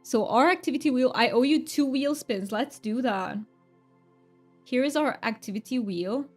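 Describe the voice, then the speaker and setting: A woman's voice: high-pitched, moderate pace, faint music behind. A woman livestreaming a cozy game, chatting with her viewers in a bubbly, upbeat way and laughing often. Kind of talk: casual live-stream chat.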